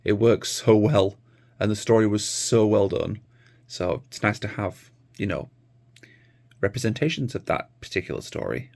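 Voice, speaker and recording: A man's voice: fairly low pitch, lively intonation, moderate pace, gravelly, a little mellow. A tired man, chatting casually to camera in a rambling, easygoing vlog. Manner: rambling, easygoing, many fillers. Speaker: vlogger.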